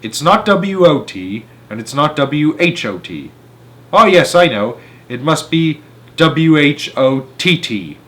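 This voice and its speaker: A man's voice: fairly high pitch, very animated, normal speed, fairly bright tone. A man voicing a cheeky, overconfident young schoolboy in a storybook reading. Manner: cheeky, eager.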